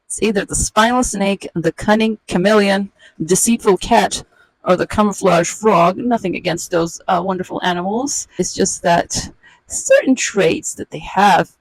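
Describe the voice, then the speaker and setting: Woman in her forties, sarcastic, wry, comic storyteller, middle pitch, dry close sound. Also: no echo, poor audio. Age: 40s. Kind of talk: comedic illustrated storytelling.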